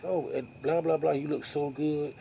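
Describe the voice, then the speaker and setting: Man mimicking a nagging wife, insistent, repetitive, higher voice, gravelly. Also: fairly even intonation, normal speed, dark tone, a little hiss or hum, low-quality recording.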